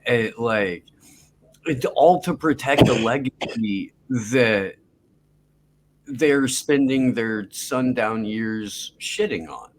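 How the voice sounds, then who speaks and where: A man's voice: medium pitch, expressive, takes it slowly, slight background noise, poor audio. A man hosting a podcast, talking loosely and profanely in a rambling casual chat. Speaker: podcast host.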